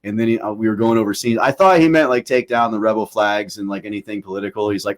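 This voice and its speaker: A man with a fairly low voice co-hosting a laid-back podcast. He rambles through his stories in loose casual chat, swearing freely and laughing at his own tales. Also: steady tone, fast talker. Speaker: podcast co-host.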